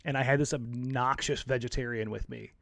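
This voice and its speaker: A man's voice: mid-range voice, fairly quick, gravelly, no room sound. A man co-hosting a casual sports podcast, telling stories in a blunt, jokey way. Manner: animated storyteller, jokey and blunt. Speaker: podcast co-host.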